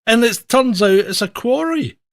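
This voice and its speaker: A man's voice: extremely high pitch, animated, normal speed, dry recording. A man co-hosting a casual news roundup, mocking the stories with disbelief. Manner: incredulous, mocking. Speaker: co-host. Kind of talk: casual news commentary chat.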